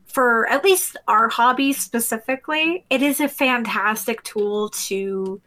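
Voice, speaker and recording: A woman's voice: fairly high pitch, measured pace, pushed and bright. A woman co-hosting a podcast, chatting casually and explaining things step by step. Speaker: podcast co-host. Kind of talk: casual podcast chat about roleplay.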